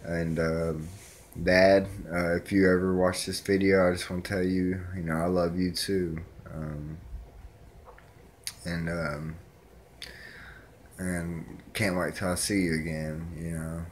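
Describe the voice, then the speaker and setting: Low-voiced rambling man vlogging. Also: level tone, slow pace, a little hiss or hum. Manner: rambling, filler-heavy, sincere. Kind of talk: casual heartfelt vlog message.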